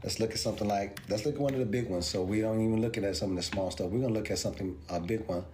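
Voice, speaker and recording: Male streamer with a lowish voice, emphatic and repetitive, walks through charts over a faint noise floor. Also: very fast, a little mellow. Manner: emphatic, repeats himself, rising to incredulous exclamations. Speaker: crypto commentator. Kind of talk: livestream chart commentary.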